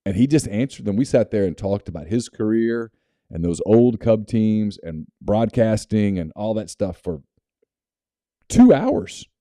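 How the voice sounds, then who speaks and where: A man with a Southern US accent co-hosting a sports podcast, telling a relaxed personal story in casual chat. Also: lowish voice, normal speed, no room sound, studio quality. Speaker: podcast co-host.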